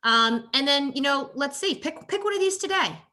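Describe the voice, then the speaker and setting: A woman health coach giving a workshop presentation on caregiver stress. She talks conversationally, often tagging "you know" and "right?", and acts out quoted exchanges in a higher voice. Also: expressive, normal speed, sharp tone.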